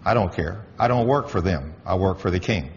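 Middle-aged man with a lowish voice, delivering an emphatic preacherly testimony; dull sound in a reverberant hall. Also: animated, brisk. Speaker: workplace manager giving a testimony. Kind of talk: spoken testimony with storytelling.

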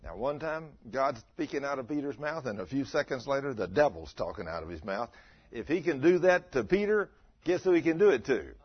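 Husky preacher in his fifties. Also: mid-range voice, fairly quick. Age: 50s. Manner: lively, acts out dialogue in his stories. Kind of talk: storytelling sermon. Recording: dull lo-fi recording.

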